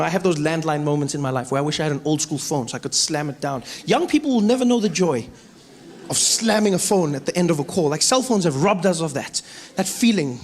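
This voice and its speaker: Animated comedian. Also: male voice, on the high side. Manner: animated storytelling with acted-out voices. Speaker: stand-up comedian. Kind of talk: stand-up comedy. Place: comedy stage before a live audience.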